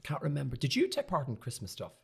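A man's voice: fairly high pitch, wildly swooping pitch, quick pace, gravelly, slightly rough. A man co-hosting a casual studio chat, camp and dramatic, swearing freely. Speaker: podcast co-host. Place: recording studio.

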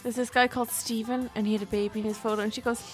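A young Irish woman from County Clare co-hosts a college radio show, her voice sitting a little high. She tells stories in a giggly, animated way, playing out each side of a text exchange. Faint music runs underneath. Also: very fast. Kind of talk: casual chat.

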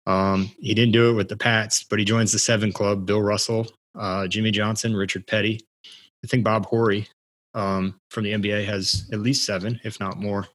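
A man with a fairly low voice chats loosely on a podcast. He rambles, restarts his sentences and laughs often as he goes. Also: level tone, normal speed, fairly bright tone. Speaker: podcast co-host. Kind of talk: casual podcast chat.

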